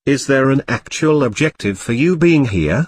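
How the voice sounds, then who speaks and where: A man voicing a harried young wizard boy who answers with flat, exasperated asides. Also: medium pitch, moderate pace, husky, dry recording.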